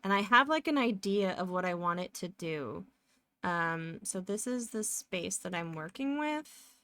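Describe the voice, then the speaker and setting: A woman's voice: fairly low pitch, expressive, a little slow, fairly bright tone, smooth, no echo. A woman live streaming as she draws, chatting casually and rambling as she narrates her work and often laughs. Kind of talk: casual chat while drawing live.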